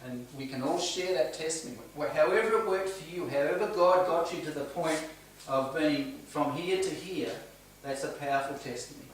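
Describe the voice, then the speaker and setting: A man's voice: fairly high pitch, fairly quick, hardly any pauses, a little hiss or hum. A man leading a home church Bible study, earnest and questioning the group as he teaches. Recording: echoey room, distant mic, faint ambience.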